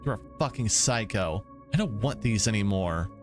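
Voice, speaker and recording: A man's voice: fairly low pitch, expressive, normal speed, soft background music, close to an everyday voice. A man voicing a distraught schoolgirl breaking down. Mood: anguished, accusing. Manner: pleading, accusing outbursts. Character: distraught young female student, breaking down.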